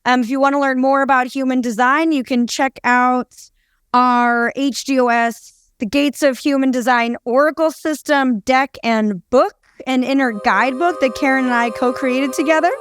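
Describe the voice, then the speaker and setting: High-voiced playful woman podcast host. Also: steady tone, clean tone, no echo, studio quality. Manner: playful, repeats herself, quick bursts of speech. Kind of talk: casual conversational podcast chat.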